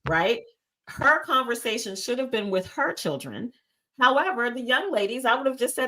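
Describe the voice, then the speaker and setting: A woman panelist giving her opinion in a measured, storytelling way. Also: on the high side, animated, sharp tone. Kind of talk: casual panel talk.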